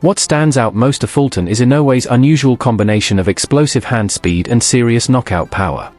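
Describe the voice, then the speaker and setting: A man reads formal sports narration in an even, measured way. His voice sits at a middle pitch. Faint music runs underneath. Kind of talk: scripted narration.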